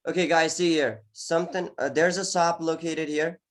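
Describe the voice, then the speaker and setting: A man's voice: a little high, fairly even intonation, moderate pace. A man teaching an online English exam class, encouraging, repeating words often with many "okay"s. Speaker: IELTS teacher.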